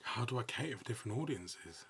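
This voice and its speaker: A young adult man, a sports broadcaster, telling stories in an animated, excitable way during a casual interview. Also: medium pitch, fast talker, slightly rough. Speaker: sports broadcaster, podcast guest.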